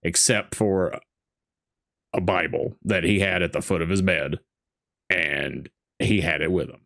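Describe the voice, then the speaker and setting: A man's voice: deep voice, steady tone, unhurried, gravelly, fairly bright tone. A young adult man co-hosting a casual movie-commentary podcast, rambling and jokey, laughing often. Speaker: podcast co-host.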